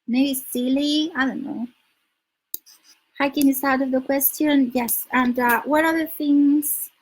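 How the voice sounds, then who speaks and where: A chatty woman with a Spanish accent talks casually to her live viewers, laughing often and answering their comments. Her voice sits high for a woman. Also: steady tone, slow pace, low-quality recording. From Spain. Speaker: dating advice live streamer. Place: her home in London.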